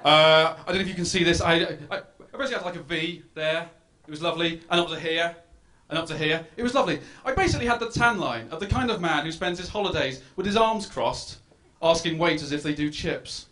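A man's voice: fairly high pitch, fast, hardly any pauses, pushed and bright. A man doing a self-deprecating stand-up set on a club stage, chatting with the crowd. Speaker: stand-up comedian. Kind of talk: stand-up routine.

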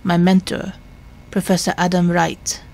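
A woman's voice: lowish voice, monotone, gravelly, darkish tone. A woman reading an earnest Victorian doctor. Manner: formal, measured.

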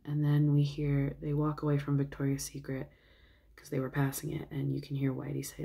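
Young woman chatting thru a story, low mellow voice, lots of ums. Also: monotone, brisk, gravelly. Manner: rambling, with fillers and soft asides. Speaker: vlogger. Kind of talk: casual storytelling, retelling a film.

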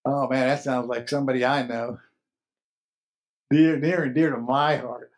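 A man's voice: mid-range voice, steady tone, moderate pace. A man preaching a sermon as pastor, earnest and emphatic, repeating key phrases.

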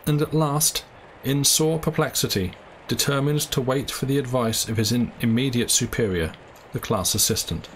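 A man reading a classic short story aloud in a steady storytelling manner. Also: mid-range voice, moderate pace, slight background noise, rough recording. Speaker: audiobook reader.

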